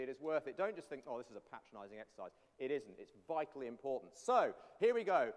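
A man leading a church congregation through a psalm, coaxing them to repeat lines after him. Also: a little high. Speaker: pastor. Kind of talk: interactive sermon teaching a psalm. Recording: long church reverb.

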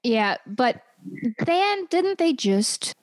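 A woman guest on a casual podcast, animated and laughing between remarks. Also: sits high, drawn-out words, no echo. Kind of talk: casual chat.

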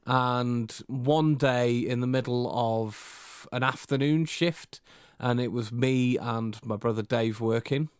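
A man's voice: medium pitch, steady tone, slow pace, few pauses, clean tone, dry recording, clean studio sound. A young man co-hosting a podcast, telling a rambling, self-mocking story full of hesitations. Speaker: podcast co-host. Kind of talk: casual storytelling chat.

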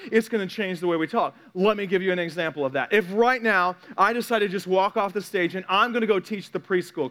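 A man preaching a sermon in a conversational, animated way, addressing the congregation directly and acting out little quoted voices. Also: high-pitched. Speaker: pastor.

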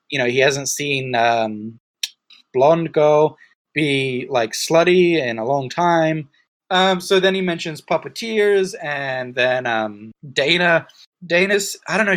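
A man's voice: on the high side, a bit bright, no room sound. A man chatting casually as he recaps a film, rambling with many fillers and restarts.

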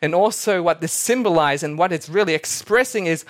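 A man's voice: a little high, fairly quick. A male pastor preaching a sermon, dramatic, repeating key words and dropping his voice almost to a whisper for emphasis.

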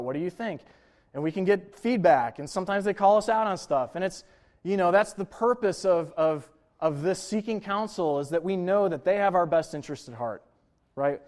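A man's voice: sits high, darkish tone. A young adult man, a pastor, preaching a sermon in a conversational, personal way, often checking in with "right?" and "you know" as he talks.

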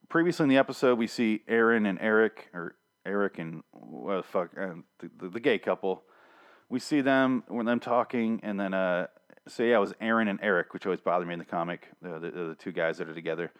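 A man's voice: on the low side, clear, resonant tone. A young man reviewing a TV episode in a casual, profane, sarcastic rant, full of exasperated complaints.

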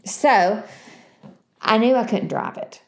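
A woman chatting casually and telling her story in an expressive way. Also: on the high side, slow. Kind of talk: casual chat.

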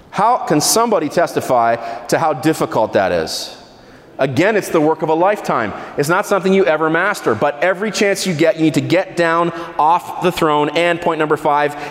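A male pastor delivers a sermon in a slightly high voice, slowing and sinking low on key words with dramatic pauses. The sound rings in a large hall with a long, echoing tail. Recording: echoey hall with long reverb.

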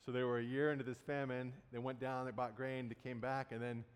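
A man's voice: mid-range voice, flat delivery, a little fast, clear, resonant tone. A man preaching a sermon, retelling a Bible story in a conversational way and casually acting out the quotes. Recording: long hall reverb.

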